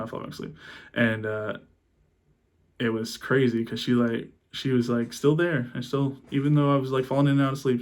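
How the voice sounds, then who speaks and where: Young man, vlogger, personal story, quiet halting delivery, emotional, restarts sentences. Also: medium pitch, vocal fry. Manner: subdued and halting, with many restarts.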